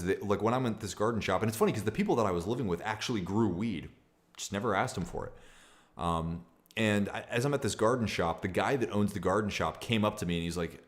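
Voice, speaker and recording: A young man with a very low voice chats candidly on a livestream, circling back on himself with restarts and fillers. He talks loosely and openly, like thinking out loud. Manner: reads viewer comments aloud. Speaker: streamer. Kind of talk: casual livestream talk.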